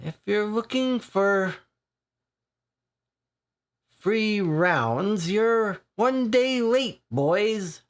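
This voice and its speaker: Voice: mid-range voice, flat delivery, unhurried, vocal fry, few pauses, fairly bright tone, pitched above the performer's own voice. A board game player voicing a grinning, pockmarked Irish man who gossips in a dockside pub. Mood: gossipy, teasing. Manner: chatty, conspiratorial gossip.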